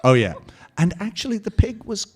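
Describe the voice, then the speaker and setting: A man answering fan questions at a convention panel, telling lively anecdotes on a handheld mic. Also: high-pitched, fairly quick, a little hiss or hum. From Scotland. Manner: lively anecdotal storytelling with quoted voices and laughs. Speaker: convention panel guest actor. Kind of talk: storytelling Q&A panel.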